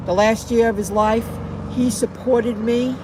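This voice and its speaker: A woman's voice: fairly high pitch, steady tone, a little slow, background noise. A middle-aged woman chatting casually on a live stream into her phone from a parked car, rambling and repeating herself as she answers viewers. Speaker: delivery driver live streamer.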